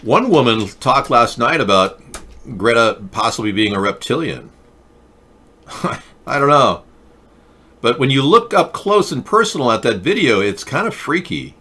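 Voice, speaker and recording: A middle-aged man hosting a talk show, delivering a rambling, mock-earnest monologue with a deadpan touch. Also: medium pitch, unhurried, breathy edge.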